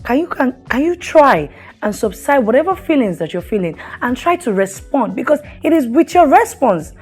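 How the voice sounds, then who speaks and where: Husky woman giving marriage advice. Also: sits high, big pitch swings, moderate pace, darkish tone, faint music behind. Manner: earnest, preachy, asks the listener questions. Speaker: talk show host.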